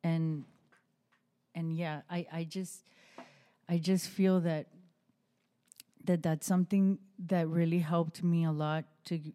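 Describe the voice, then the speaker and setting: A young adult woman hosting a podcast, sharing an emotional personal testimony in a heartfelt, halting way. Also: on the low side, steady tone. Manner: heartfelt, halting, with restarts and soft laughs. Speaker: podcast host.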